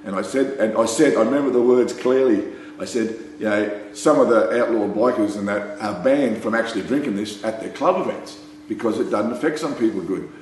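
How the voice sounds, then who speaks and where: This man's anecdote wanders along in an Australian accent, stuffed with "you know" and "mate" and interrupted by laughter. He speaks a little fast, fairly low-pitched and a little mellow. The recording has heavy room echo and a faint hum.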